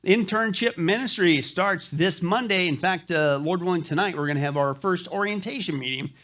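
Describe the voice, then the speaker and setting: A man's voice: high-pitched, normal speed, a bit bright. A middle-aged male pastor giving jokey, folksy church announcements to his congregation, with lots of "uh" fillers. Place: church sanctuary.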